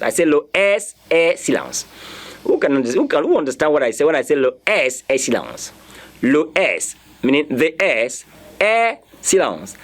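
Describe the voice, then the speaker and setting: A man teaching a beginner French class, repeating words and spelling them out letter by letter. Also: fairly high pitch. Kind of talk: classroom lesson.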